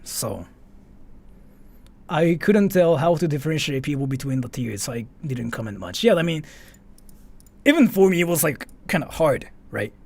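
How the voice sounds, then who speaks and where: A man's voice: fairly high pitch, sing-song, moderate pace, vocal fry, pauses often, darkish tone, breathy edge. A young man from Japan, speaking English with a Japanese accent, chatting casually on a livestream and reading out donations, with lots of fillers. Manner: chatty, filler-heavy, reads donations aloud. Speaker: streamer.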